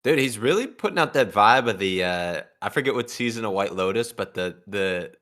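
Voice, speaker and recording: A man's voice: fairly low pitch, lively intonation, a little fast, a bit bright. A man chatting casually as a show guest, making dry, wry asides. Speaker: guest comedian. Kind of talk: casual chat.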